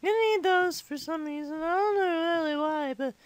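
A man voicing an excitable five-year-old boy who rambles through a comedic let's-play commentary. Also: very high-pitched, fairly quick, no room sound. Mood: chatty.

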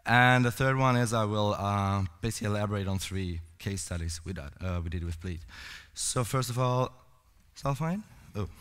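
A hoarse, cold-roughened man gives a loose, rambling conference talk, full of fillers and false starts. His voice sits fairly low. The sound rings with the long reverb of a cinema hall. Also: a bit bright. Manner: rambling, many fillers and restarts. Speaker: conference speaker.

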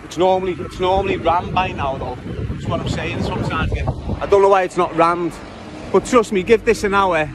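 A man's voice: sits high, a little fast. A man with a Liverpool accent giving a casual city tour on his bike, chatty and swearing freely as he talks straight to his viewers. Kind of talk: casual walking-tour vlog. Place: outdoors in a city centre. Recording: loud street noise outdoors.

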